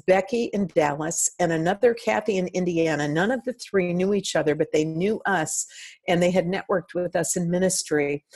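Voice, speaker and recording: A woman's voice: low voice, darkish tone. An older woman, a guest in an interview, telling an emotional personal story in an earnest way. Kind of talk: interview testimony.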